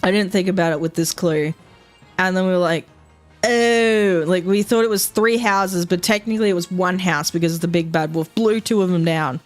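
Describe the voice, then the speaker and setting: A woman's voice: lowish voice, moderate pace, soft background music. A young woman, telling a long story as a streamer, rambling with lots of fillers and quoted asides. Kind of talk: casual storytelling while streaming.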